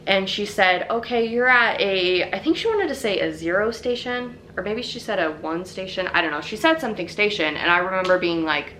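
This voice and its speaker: A woman's voice: mid-range voice, animated, fairly quick, hardly any pauses, bright, forceful tone, a little hiss or hum. A young woman telling her own story in a chatty, casual way, full of fillers.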